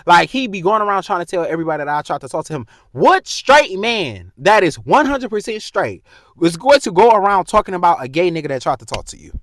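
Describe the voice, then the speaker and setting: Fired-up young man ranting, lively pitch. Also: a little fast, no echo, studio quality. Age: 20s. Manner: heated, profane, talks straight to the viewer. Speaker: vlogger. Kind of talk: casual storytime rant.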